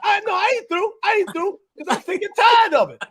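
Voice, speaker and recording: A defiant, cussing old man rants and hollers at anyone who would tell him what to do, as a man puts him on. The voice sits very high and keeps breaking into shouts. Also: expressive, fairly quick, a loud crowd. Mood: ranting defiant. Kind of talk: impression on a talk show.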